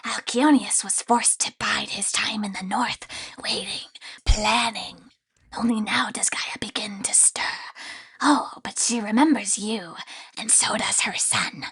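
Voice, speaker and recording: A woman's voice: mid-range voice, steady tone, unhurried, creaky, a bit bright, husky, heavily acted. A woman voicing a sinister male grain spirit in an audiobook, speaking in a hissing whisper. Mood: sinister, gloating.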